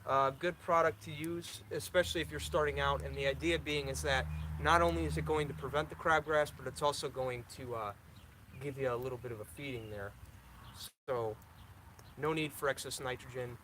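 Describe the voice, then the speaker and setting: A man's voice: medium pitch, steady tone, fairly quick, background noise. A young man hosting a casual live stream, answering viewer questions in a loose, rambling way with lots of restarts.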